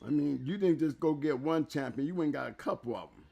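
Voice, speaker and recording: A man hosting a casual talk show interview, excitable and loud, often repeating words as he speaks into a close mic. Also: on the high side, quick pace, creaky. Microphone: handheld mic held close.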